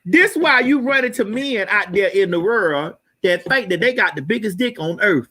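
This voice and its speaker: A woman hosts a morning show with a rambling comedic rant, loud and full of profanity. Her bright, sharp voice swoops wildly up and down and often breaks into shouting. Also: mid-range voice, animated, normal speed. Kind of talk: comedic unscripted rant to viewers.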